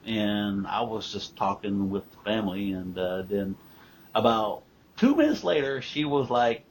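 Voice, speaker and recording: A man's voice: lowish voice, normal speed, husky. A man, co-hosting and telling a rambling family story, often correcting himself. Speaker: co-host, son of the guest.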